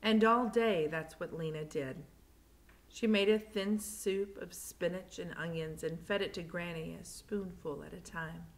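A young woman teacher chatting playfully with her students, then reading a novel aloud to them in steady narration. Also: lowish voice, gravelly, a little hiss or hum.

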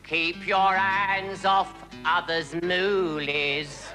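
A man's voice: high voice, steady tone, very slow, voice pushed up. A man doing a drawling rustic folk singer. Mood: sung, comic. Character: rustic male folk singer, mock-solemn and bawdy. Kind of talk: comic folk song on radio. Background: music.

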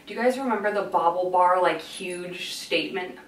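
A woman's voice: lowish voice, normal speed, far from the mic. A young woman chatting casually in a fashion vlog, rambling and going off on tangents. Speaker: fashion vlogger. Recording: echoey room, voice a bit off-mic.

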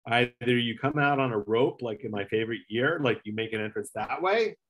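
A man's voice: mid-range voice, lively intonation, fairly quick, fairly bright tone, husky. Middle-aged guy telling a long showbiz story, ums and you-knows, swears a bit, does little quote voices. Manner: rambling anecdotal storyteller, many fillers, swearing, acts out quotes. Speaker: guest, former late-night segment producer. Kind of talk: casual storytelling interview.

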